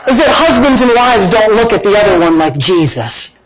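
A man's voice: high-pitched, very animated, moderate pace, a crowd in the background, rough recording. A man preaching a sermon as pastor, emphatic and conversational, with lots of repetition.

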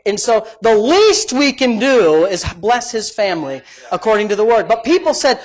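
A middle-aged man, a pastor with a high voice, preaching emphatically and dropping from quiet asides to loud exclamations. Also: big pitch swings, moderate pace, few pauses. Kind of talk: sermon.

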